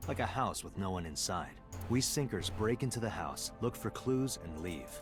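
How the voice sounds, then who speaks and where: A man's voice: fairly low pitch, expressive, moderate pace, lightly acted. An actor voicing a dry, matter-of-fact male investigator in a video game. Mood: explaining. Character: gruff male detective with an eye implant. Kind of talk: game voice acting. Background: game music.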